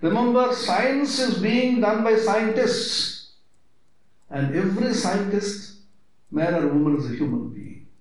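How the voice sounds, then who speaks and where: High-voiced guy giving a spiritual talk, lots of rhetorical questions, big echoey hall. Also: measured pace. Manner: emphatic, rhetorical questions, lively swings in pitch. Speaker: spiritual teacher. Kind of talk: spiritual discourse.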